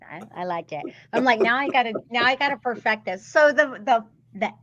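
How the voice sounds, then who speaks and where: A woman who is an actor, co-hosting a podcast in an animated, giggly casual chat. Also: on the high side, fairly quick, lo-fi sound.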